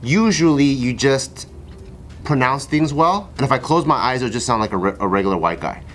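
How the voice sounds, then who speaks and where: A man's voice: medium pitch, expressive, moderate pace. A man co-hosting a casual podcast, rambling and hesitant as he searches for words. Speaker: podcast co-host. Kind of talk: casual chat.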